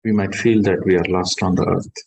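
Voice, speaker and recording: A man, a meditation teacher guiding a session and then giving a calm, measured spiritual talk that stresses key words. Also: low-pitched, creaky, poor audio.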